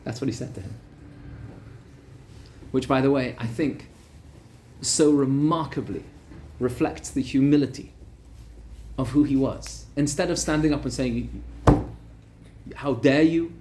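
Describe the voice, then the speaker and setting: A man, a rabbi, telling a story in a lively Torah lesson, repeating words for emphasis. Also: mid-range voice, measured pace, a little hiss or hum. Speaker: rabbi teaching a weekly class.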